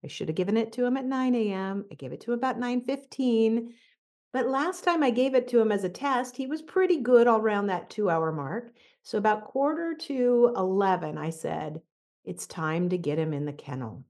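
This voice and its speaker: Middle-aged woman, career coach, animated chatty storyteller, casual fillers, motivational talk. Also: on the high side, moderate pace.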